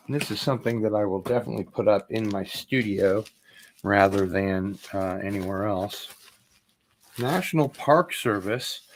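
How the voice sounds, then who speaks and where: A man chatting casually as he unboxes packages on his channel, relaxed and rambling, with offhand asides. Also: on the low side, moderate pace, slight background noise. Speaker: vlogger doing unboxings.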